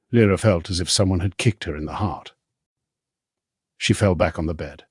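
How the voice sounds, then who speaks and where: Husky male audiobook narrator, deep and dry, very close. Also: moderate pace, long pauses, dry recording. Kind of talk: scripted narration.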